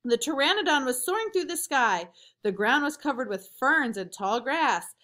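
A young woman reading a chapter book aloud to children, expressive and pausing to ask questions. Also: high-pitched. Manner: expressive, animated.

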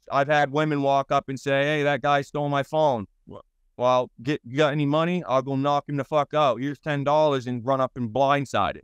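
A man in his thirties with a Boston accent, a guest telling his stories in a blunt, rambling and profane way, with halting restarts. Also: medium pitch, clean tone, no echo. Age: 30s. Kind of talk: interview storytelling.

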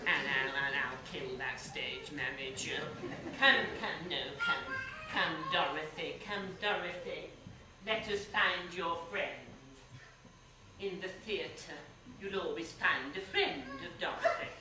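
A man doing a slow, wry ghost. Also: a little high. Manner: slow, stately, joking asides. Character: wry theatrical male ghost spirit. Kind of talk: one-man stage show. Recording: echoey theatre stage, mic far off, audience noise.

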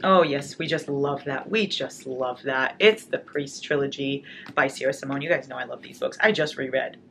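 A woman in her twenties chatting excitedly as a book vlogger, unboxing gifts and reading notes aloud. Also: a bass voice, normal speed, creaky. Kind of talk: casual unboxing chat. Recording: noisy home recording.

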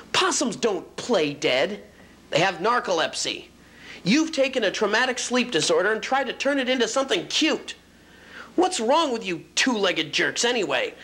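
A hefty, disgruntled male raccoon, put on by a man telling the story, snarls at humans in a gruff, sneering voice. His tone lurches between low growls and high, indignant squawks. He is a comic-story villain, full of contempt and threat. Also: heavily acted. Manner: ranting, with sharp swings in pitch and loudness.

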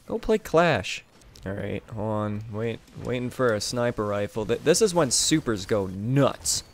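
Excitable young man narrating his gameplay. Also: fairly low pitch, a little slow. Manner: excitable, swings between mumbled asides and yelps. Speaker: gaming YouTuber. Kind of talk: casual gameplay commentary.

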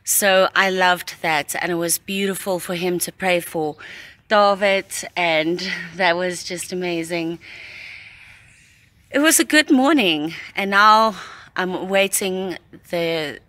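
A young pregnant woman chats casually in a vlog about her morning at the hospital, speaking in a heartfelt, reflective way. Her voice sits on the low side, a bit bright, and she takes it slowly. She's at a hospital, partly outdoors.

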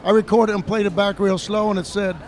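A man's voice: high-pitched, little pitch movement, a little fast, a little mellow. A middle-aged man from New City, a comedian firing off punchy one-liners and chuckling at his own jokes. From New York City. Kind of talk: stand-up comedy set. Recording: live set with a noisy crowd.

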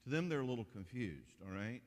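A man's voice: medium pitch, big pitch swings, a little fast, darkish tone. Joking male counselor in an echoey hall. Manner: casual, joking, full of fillers and restarts. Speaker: marriage counselor speaking at a church conference. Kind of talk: conference talk to couples. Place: church hall.

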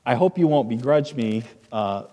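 A middle-aged man preaching a sermon as pastor, conversational and halting, with fillers and restarts. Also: mid-range voice, lively intonation, dark tone. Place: church sanctuary with long reverb. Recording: reverberant church hall.

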